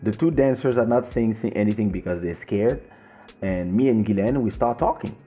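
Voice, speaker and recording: A man's voice: on the low side, normal speed, reverberant, faint music behind. A man hosting a podcast, casually telling a rambling story, swearing and turning to a friend in the room. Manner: rambling and animated, swears, laughs, addresses an off-mic friend.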